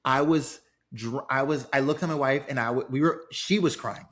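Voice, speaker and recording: A man as a guest on a casual movie podcast, gushing and enthusiastic, halting with feeling. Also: mid-range voice, a bit bright.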